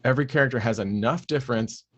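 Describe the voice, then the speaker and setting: A man who narrates audiobooks, speaking as a guest in a relaxed interview, explaining his craft at length with fillers and restarts. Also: medium pitch, quick pace, husky, dull audio.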